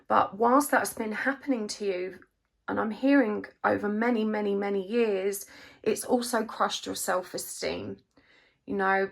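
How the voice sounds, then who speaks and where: Woman, tarot reader, gentle and reassuring, creaky voice. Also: mid-range voice. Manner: soft, reassuring, emotional at times. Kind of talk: gentle spiritual reading to camera.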